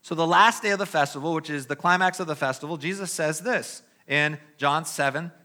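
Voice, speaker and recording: Brief: preacher, man, slightly high and bright; swings between emphatic reading and soft asides. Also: fairly quick. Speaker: pastor. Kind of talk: sermon.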